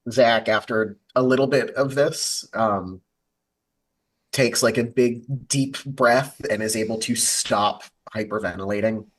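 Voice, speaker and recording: A man playing a tabletop game who narrates slowly and deliberately with fillers. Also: on the low side, fairly bright tone. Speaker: player. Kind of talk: in-character tabletop role-play.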